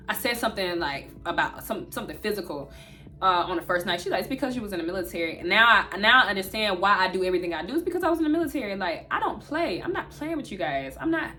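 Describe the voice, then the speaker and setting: Animated woman telling a story to viewers. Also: mid-range voice. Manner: animated, talks straight to viewers. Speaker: vlogger. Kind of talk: storytime vlog.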